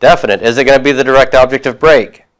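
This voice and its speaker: A man's voice: mid-range voice, quick pace. A man teaching a class, reviewing homework and prompting students with questions, with occasional chuckles.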